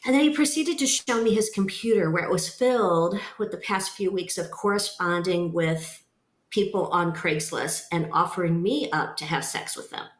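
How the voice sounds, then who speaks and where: On a podcast, a nonprofit founder gives personal testimony in an earnest, emphatic manner. She speaks at a moderate pace with a fairly low pitch, and the room adds a noticeable echo.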